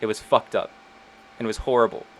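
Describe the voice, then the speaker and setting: A man's voice: fairly low pitch, steady tone, fast, a little hiss or hum, natural voice. A man voicing a tearful young woman who pleads with a friend and swears as her voice rises. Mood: pleading. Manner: pleading and swearing, voice rising in urgency.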